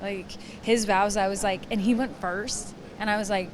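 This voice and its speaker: A woman in her thirties chatting as an interview guest outdoors, telling stories and acting out quotes with lively energy. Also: medium pitch, moderate pace, slight background noise. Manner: chatty, animated storyteller who acts out quotes. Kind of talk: casual chat.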